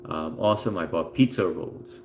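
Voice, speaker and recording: A man's voice: low voice, normal speed, gravelly, a little hiss or hum. A man hosting a casual live stream from home, reading out viewer comments in a laid-back, chatty way with plenty of fillers.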